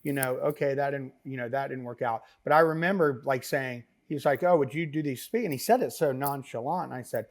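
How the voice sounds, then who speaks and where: Rambling, animated man telling stories. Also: mid-range voice, brisk, few pauses. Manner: rambling, animated, many fillers and asides. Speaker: podcast guest, business founder. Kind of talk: casual interview storytelling.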